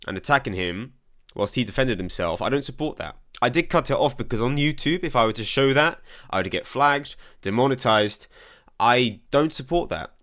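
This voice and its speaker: A young Englishman whose accent carries a slight American and European mix, reading viewer comments aloud and answering them in a halting way, often repeating words as he starts a sentence. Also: on the low side, a bit bright. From England. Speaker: commentary channel host.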